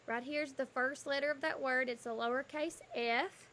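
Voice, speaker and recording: A woman teaches kindergarten from her porch, slow and patient, repeating each word for small children. Her voice is high and bright. A faint hiss of background noise sits under her speech. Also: fairly even intonation. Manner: patient, repeats and spells words out letter by letter. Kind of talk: slow, clear lesson for young children. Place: home porch.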